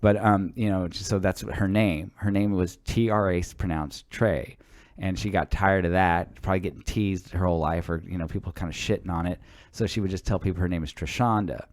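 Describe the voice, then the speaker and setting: A man's voice: low voice, fairly even intonation, brisk, no room sound, clean studio sound. A man, a teacher, co-hosting a casual podcast chat, telling stories with stammering restarts and casual swearing. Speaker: podcast co-host.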